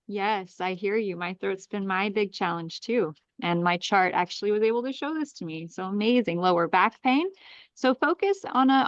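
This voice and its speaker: Woman healer, middle pitch, soothing guided meditation with commanding chants, dry close mic, muffled live stream sound. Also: dry recording. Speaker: astrologer leading a group healing. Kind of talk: guided energy clearing meditation.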